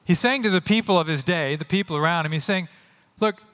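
Animated male preacher, echoey hall. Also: high-pitched, a little fast, clean tone. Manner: earnest, animated preaching with acted-out quotes. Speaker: pastor. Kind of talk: sermon. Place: church sanctuary.

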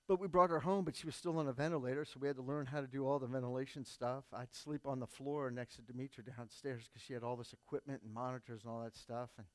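A man's voice: mid-range voice, no echo. Middle-aged male pastor, earnest storyteller, acts out quotes, dry close sound. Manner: earnest storytelling, quoting others in lively voices. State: recovering from tongue surgery. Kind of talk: sermon testimony.

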